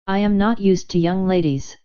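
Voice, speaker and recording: A woman reading the part of a stern, gruff older male army colonel in an audiobook, speaking curtly. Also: mid-range voice, fairly even intonation, normal speed, mellow, muffled recording, close to an everyday voice.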